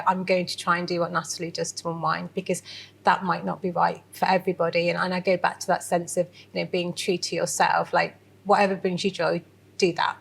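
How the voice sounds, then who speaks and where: A woman giving a candid interview, talking animatedly with lots of fillers and restarts. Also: fairly low pitch. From England. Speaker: interview guest. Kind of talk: casual interview.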